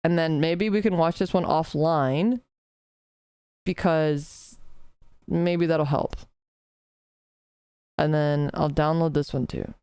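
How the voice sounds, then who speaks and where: Woman streamer, chatty and self-deprecating, clean crisp tone, dry booth-like sound. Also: low voice, fairly even intonation, takes it slowly, long pauses, warm tone, no echo. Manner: chatty, apologetic, jokey asides. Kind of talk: casual reaction stream chat.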